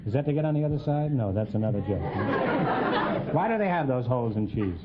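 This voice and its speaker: A man hosting a comedy quiz show, teasing the contestants with quick quips and chuckles. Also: mid-range voice, sing-song, over a noisy crowd, heavy background noise. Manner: quipping, teasing, chuckling through jokes. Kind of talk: wisecracking quiz banter. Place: radio studio with live audience. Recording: muffled old radio broadcast, loud studio audience.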